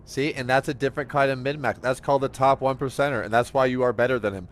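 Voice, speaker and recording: A man's voice: medium pitch, steady tone, quick pace. A young man hosting a casual gaming podcast, rambling with lots of "like" and swearing, acting out what others said. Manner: rambling, profane, fillers like "like", acts out quotes. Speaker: podcast host. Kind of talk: casual chat.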